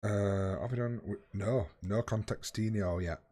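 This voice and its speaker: Man in his late 30s, slightly low voice, sweary, tired and yawning, bantering streamer. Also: a little slow, dark tone, husky. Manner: swears freely, bantering with chat. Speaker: game streamer. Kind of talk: casual live-stream chat.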